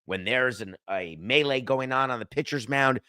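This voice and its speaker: A middle-aged man hosts a sports podcast, delivering an emphatic, sardonic opinion monologue in which he argues with himself. His medium-pitched voice moves at a moderate pace, bright and forceful, clear and resonant. The recording is studio quality with no room sound.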